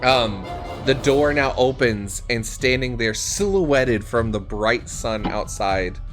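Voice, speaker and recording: A man's voice: medium pitch, slow pace, over loud music. A young man running a tabletop game as game master, narrating casually with many fillers.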